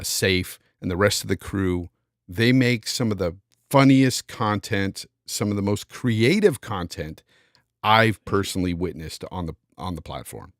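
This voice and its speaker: A man's voice: deep voice, no echo, studio quality. A man hosting a casual live-stream podcast, reading out super chats and thanking viewers by name. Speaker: podcast host.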